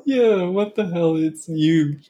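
Giggly young man with slow, easy talk. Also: on the high side, dark tone, husky, highs cut off. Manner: giggly, laughs often between jokes. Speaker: podcast co-host. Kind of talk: casual chat.

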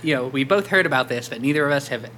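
A man's voice: medium pitch, slight background noise. A man co-hosting a podcast, joking and mocking in casual chat. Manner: lively and joking, quick to mock. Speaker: podcast co-host.

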